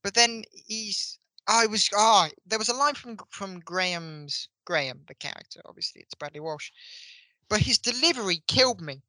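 A man's voice: high-pitched, moderate pace, sharp tone, no echo, poor audio. A man co-hosting a podcast, chatting casually and ranting in exasperation, laughing often. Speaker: podcast co-host. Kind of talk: casual review chat.

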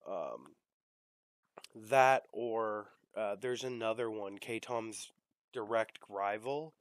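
A man's voice: lowish voice, very slow, dry recording. A young man hosting a casual podcast chat, rambling with fillers and the odd swear word. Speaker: podcast host.

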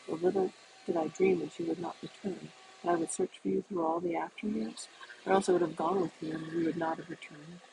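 A reader putting on a dying old suffragette woman, calling out for her lost love in pleading, grieving cries. Her voice is gravelly and sits mid-pitched. The recording is noisy. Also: fairly even intonation, fairly quick.

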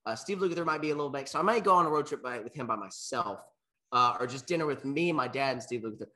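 A young man co-hosting a casual podcast, talking in a loose, rambling way at a middle pitch. He trails off and chokes up at times as he talks. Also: lively intonation, quick pace, bright, forceful tone. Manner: rambling, gets emotional and chokes up. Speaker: podcast co-host. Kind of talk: casual chat.

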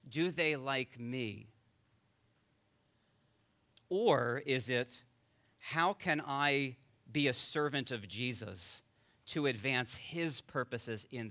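A man's voice: mid-range voice, slow pace, long pauses, bright, forceful tone. A man preaching a sermon as pastor, earnest and rising to emphatic peaks, at times addressing the children directly.

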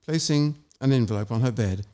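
A man reads his short story at an even, middle pitch. He then talks about his writing in a measured, anecdotal way, with small restarts. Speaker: author and interview guest. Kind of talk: story reading and casual interview.

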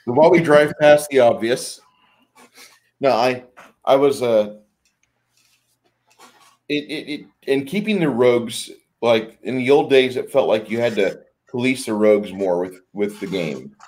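A man's voice: medium pitch, unhurried, darkish tone. A man co-hosting a casual chat about tabletop games, blunt and rambling, swearing freely as he talks. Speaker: game master, podcast co-host.

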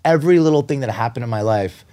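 Guy from nyc rambling through a story, lots of um and you know, curses, middle aged, medium pitch. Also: fast talker, dark tone. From New York City. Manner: rambling, many fillers and restarts, swears freely. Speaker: guest. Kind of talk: casual storytelling chat.

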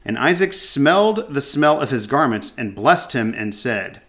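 Speaking a little slowly and with few pauses, a male Bible teacher reads a scripture passage aloud and then discusses it, adding casual restarts and asides. His voice is medium in pitch and a bit bright.

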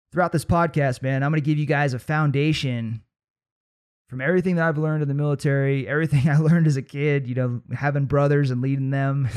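A man's voice: medium pitch, darkish tone, smooth. A young man hosting a motivational podcast, telling stories in a casual way, laughing often and acting out what his family said. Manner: acts out quoted voices of family. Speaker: podcast host.

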